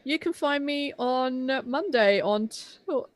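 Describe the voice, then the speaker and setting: A woman's voice: high-pitched, lively intonation, measured pace. A young woman co-hosting a podcast, gushing enthusiastically with frequent swearing and restarts. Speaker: podcast co-host. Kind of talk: casual chat.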